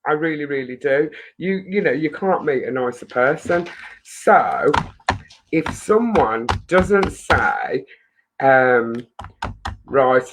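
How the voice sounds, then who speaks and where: A woman's voice: a bass voice, animated, slow pace, noisy background. A woman hosting a charity live stream, chatting loosely to viewers, rambling and laughing often into her webcam.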